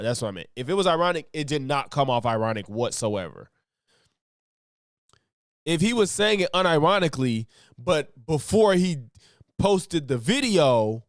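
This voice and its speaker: Rambling man with a higher voice, dry sound. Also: no echo. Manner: rambling, with restarts and self-corrections, laughs often. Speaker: streamer reacting to videos. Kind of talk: casual reaction commentary.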